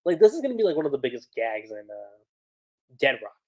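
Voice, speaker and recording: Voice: mid-range voice, big pitch swings, fast talker, darkish tone. Streamer gushing over manga chapters, voice bouncing all over, laughing, saying like a lot. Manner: chatty, laughs often, heavy "like" fillers. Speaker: livestream host reviewing manga. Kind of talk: casual excited recap.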